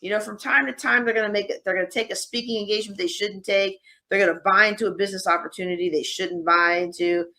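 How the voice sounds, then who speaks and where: A woman giving a lively live conference workshop, teasing her audience with sarcasm. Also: mid-range voice, fast, hardly any pauses. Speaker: host and workshop speaker. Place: conference room.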